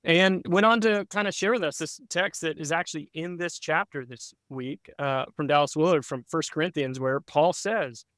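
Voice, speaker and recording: A pastor speaking as a podcast guest, telling a story in an earnest, reflective way with frequent fillers. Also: male voice, on the high side, normal speed, hardly any pauses, a bit bright, no room sound.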